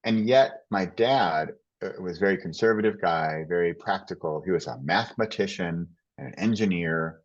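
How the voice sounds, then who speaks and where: Low-voiced man telling stories animatedly. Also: moderate pace, hardly any pauses, highs cut off. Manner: rambling, animated storytelling with restarts. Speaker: podcast guest. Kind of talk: casual conversation.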